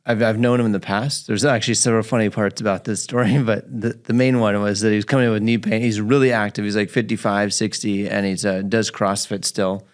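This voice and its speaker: A man's voice: fairly low pitch, a little fast, few pauses. A man hosting a physical therapy podcast, telling a patient story in casual chat and acting out the patient's lines. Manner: animated storyteller, acts out his patient's lines.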